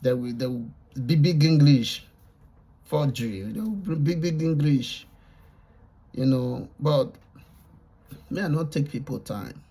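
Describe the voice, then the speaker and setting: A man's voice: mid-range voice, expressive, slow, pauses often, warm tone, slightly rough. A Nigerian man giving casual reaction commentary, lecturing and repetitive, mixing Pidgin with English. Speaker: reaction vlogger.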